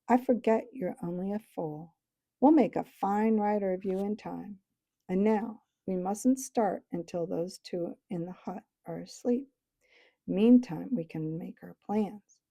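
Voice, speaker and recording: A woman's voice: mid-range voice, measured pace, creaky, mellow. A woman voicing a proud, bossy talking male warhorse in a storybook reading, lecturing in a haughty manner. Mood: confiding.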